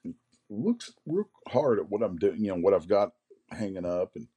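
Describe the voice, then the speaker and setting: A man in his forties, a comic artist, telling rambling anecdotes in a casual interview, often clearing his throat. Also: lowish voice, lively intonation, moderate pace, dark tone. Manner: rambling anecdotes, acts out others' lines.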